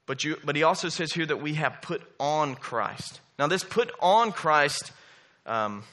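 Male preacher in his thirties, bright forceful voice a touch high, emphatic sermon delivery, repeats his key points. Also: lively intonation, a little slow. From Southern US. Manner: emphatic, repeats key phrases and checks in with "okay?" and "right?".

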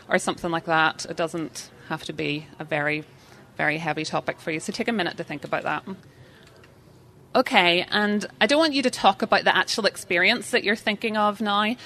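Woman seminar speaker, bright and forceful, chatty, keeps quizzing the room. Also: lowish voice. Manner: chatty, self-deprecating, questions the audience. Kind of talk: interactive live seminar talk.

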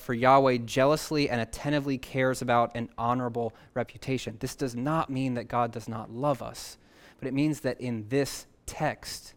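A young man preaching a sermon in a conversational way, reading scripture aloud with emphasis. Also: mid-range voice. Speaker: pastor.

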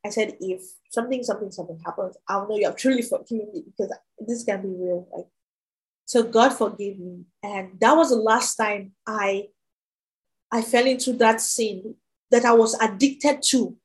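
A young woman with a medium-pitched voice preaches at a normal speed, sharing her testimony earnestly and emphatically. She often repeats her phrases in this testimony sermon, and the recording quality is low.

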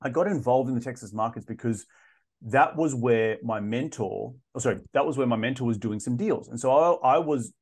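Speaking brisk and animated, this Australian podcast guest recounts his story in a relaxed interview. His middle-pitched voice is husky and darkish, and he frequently stops short and repeats words before finding his way forward.

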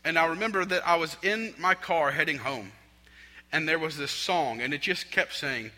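A young adult man preaching a sermon from a stage, swinging between loud appeals and hushed, prayerful lines. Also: fairly high pitch, animated, normal speed. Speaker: pastor. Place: stage in a large hall. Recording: long hall reverb.

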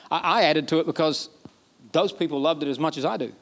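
Emphatic pastor, fairly high voice. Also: male voice, fast. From Alabama, USA. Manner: emphatic preaching, repeats phrases, rising to excited peaks. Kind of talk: sermon.

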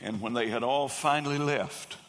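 Male pastor, mid pitch, lively storytelling sermon, big echoing church hall. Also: moderate pace. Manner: animated storyteller, raises voice for quoted characters. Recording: long hall reverb.

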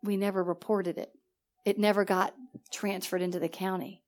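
A woman's voice: mid-range voice, normal speed. A woman minister telling a personal testimony in church, storytelling with acted-out dialogue and frequent laughter. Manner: lively storytelling, acts out dialogue, laughs often. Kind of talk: testimony sermon.

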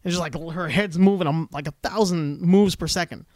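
Fast, high-pitched man telling stories. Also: dry recording, studio quality. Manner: animated, profane, quick-talking storyteller. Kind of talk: casual storytelling chat.

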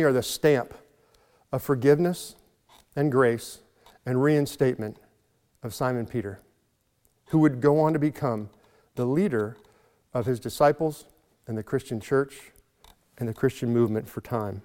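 A man preaching a sermon in an earnest way, slowing down and building up for emphasis. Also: mid-range voice, long reverb tail. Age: adult, has a son. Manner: earnest, slows and swells for emphasis. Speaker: pastor.

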